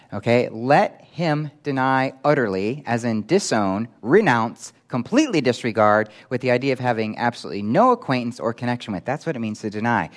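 A man preaching a sermon, emphatic and animated, acting out quoted voices as he teaches. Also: mid-range voice.

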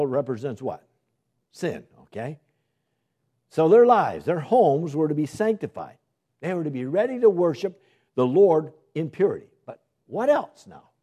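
Mellow-voiced man preaching a lively sermon. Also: a little high. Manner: asks the congregation questions and answers them himself; urgent, repeats his exhortations.

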